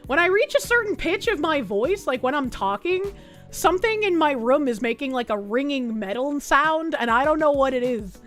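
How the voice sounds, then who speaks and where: A woman's voice: sits high, big pitch swings, moderate pace, a bit bright, soft background music. A young adult woman streaming, chatting loosely through casual reaction commentary, swearing freely and reading chat messages aloud.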